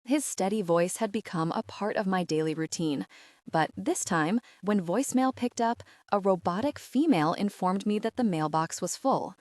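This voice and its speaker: A woman narrating a first-person romance audiobook in a steady, even voice, read close to the mic. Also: mid-range voice, moderate pace, no echo.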